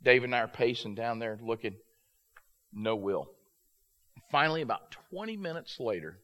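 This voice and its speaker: A man giving a storytelling sermon, animated and prone to quick restarts. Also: medium pitch. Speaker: youth ministry speaker.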